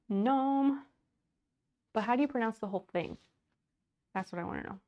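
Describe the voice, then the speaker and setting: A woman's voice: a little high, moderate pace, pauses often, dull audio. Chatty woman livestreaming home chores. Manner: chatty, reads chat aloud, greets and thanks viewers, laughs often. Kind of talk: casual livestream chat while doing home chores. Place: home office.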